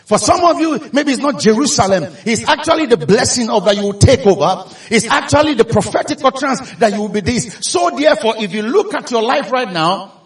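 A man with a Nigerian accent preaching a sermon, telling stories with animation and rising to shouts for emphasis. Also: extremely high pitch, expressive, a little fast, few pauses. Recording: echoey hall from a distance.

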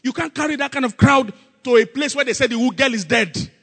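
A man preaches in a high, bright, slightly husky voice. He throws questions at the congregation and acts out the scenes he describes. The sound rings with a long hall reverb. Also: fairly quick. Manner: animated, call-and-response with congregation, acts out Bible scenes. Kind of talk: sermon.

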